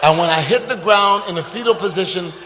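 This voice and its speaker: Man preaching, high voice, dramatic testimony, shouts, long hall reverb, loud ambience. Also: fairly quick, a little hiss or hum. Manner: dramatic, swings between quiet telling and shouting. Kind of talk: sermon storytelling.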